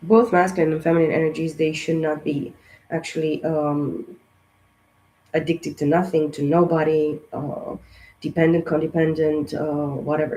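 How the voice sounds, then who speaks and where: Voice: medium pitch, a little mellow, rough recording. A tarot reader talks straight to camera in a casual astrology reading. The speech is loose and rambling, full of fillers and restarts, with direct, encouraging asides. The voice sounds strained and sensitive, as the speaker says it has been lately.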